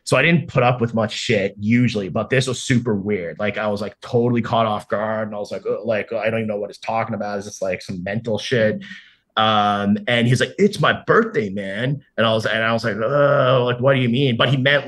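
A man's voice: fairly low pitch, fairly even intonation, a little fast, a bit bright. A man of about forty, an interview guest telling a story casually, swearing freely, filling his talk with "like" and acting out what people said. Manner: loose and profane, heavy on "like", acts out quoted dialogue.

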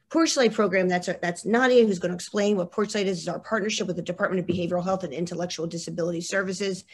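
A woman's voice: fairly low pitch, steady tone, fast talker, few pauses, slightly rough. Effusive woman presenting mural programs. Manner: effusive, lots of "like", emphatic. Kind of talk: enthusiastic slide presentation. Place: online talk.

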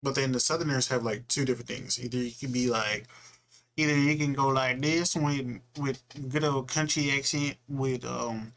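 A young man from California rambling through a casual reaction commentary. His voice sits at an ordinary mid pitch, and his talk is loose and slangy, full of swearing and restarts. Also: fairly even intonation, moderate pace, a bit bright. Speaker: reaction video host.

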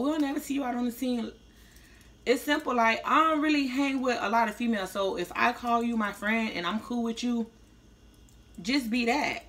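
A vlogger in her 30s from Tampa, Florida, talks with a bright, slightly high voice during a casual mukbang. She's slangy and chatty while eating, her speech a bit slurred after an orthodontist visit.

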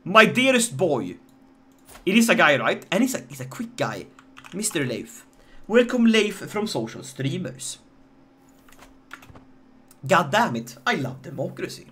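A man with a Swedish accent commentating his live game stream, joking and animated as he talks to chat. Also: high voice, measured pace, pauses often, a little hiss or hum.

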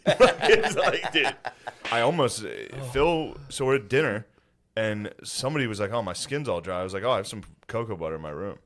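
A man's voice: mid-range voice, animated, normal speed, fairly bright tone. A man hosting a casual podcast chat, telling family stories through frequent laughter and mimicking his dad. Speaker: podcast host.

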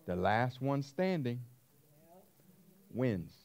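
A man's voice: medium pitch, big pitch swings, drawn-out words, vocal fry, darkish tone. A man preaching a sermon as pastor, emphatic and repetitive, calling out questions to his congregation.

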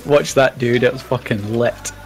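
A man chatting casually while gaming with friends, swearing and breaking into loud outbursts. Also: mid-range voice, steady tone, normal speed, music in the background. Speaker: gamer.

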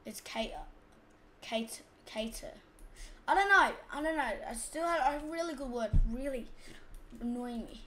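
A woman with an Australian accent and a high voice talks through her gameplay in a loose, chatty commentary. She rambles and drifts off topic easily. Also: normal speed, sharp tone, slight background noise. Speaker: gaming channel host.

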